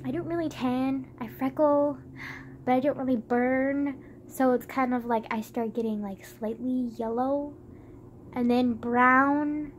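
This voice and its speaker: A woman's voice: high voice, fairly even intonation, a little slow, a little hiss or hum. A young woman chatting casually to camera in a rambling, giggly way, with lots of fillers. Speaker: vlogger.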